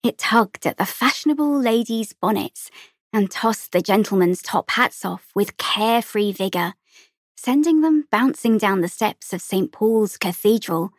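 A woman narrating an audiobook in an even, measured reading voice. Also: mid-range voice, no room sound, clean studio sound. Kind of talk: scripted narration.

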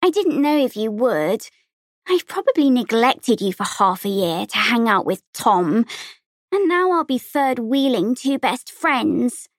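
A woman's voice: on the high side, big pitch swings, unhurried, no room sound, clean studio sound, full character voice. A woman voicing a heartbroken teenage girl who sounds tearful and plaintive.

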